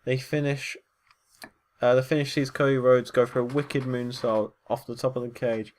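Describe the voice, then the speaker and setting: A man at a middle pitch talks through a wrestling recap in a casual, unscripted way. He rambles, stumbles over fillers and corrects himself as he goes. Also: level tone, moderate pace, darkish tone, slight background noise. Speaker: wrestling show reviewer.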